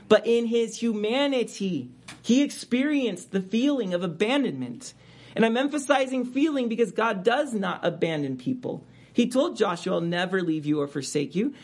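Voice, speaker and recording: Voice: medium pitch, darkish tone, husky. A preacher giving a conversational expository sermon, stressing key words with sudden rises.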